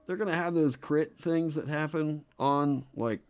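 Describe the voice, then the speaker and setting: A man's voice: fairly high pitch, a little slow, darkish tone, clean tone, no room sound. A man chatting casually on a live stream into a desk microphone. He rambles, laughs often and swears freely. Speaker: streamer designing a game class.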